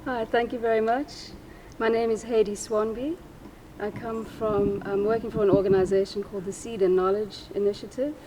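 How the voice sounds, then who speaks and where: A woman's voice: medium pitch, fairly even intonation, normal speed, background noise. A woman from South Africa, a guest expert, answering interview questions in a confident, direct way.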